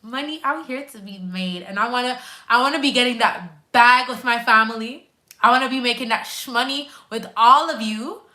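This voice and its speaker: Woman, from Quebec, live-stream chatter, bright tone, slightly high voice, hyped and slangy. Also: normal speed. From Quebec, Canada. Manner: chatty and hyped, with slangy asides and emphatic repeats. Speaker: nurse and YouTuber hosting a live chat. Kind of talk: casual live-stream chat, reading viewer comments.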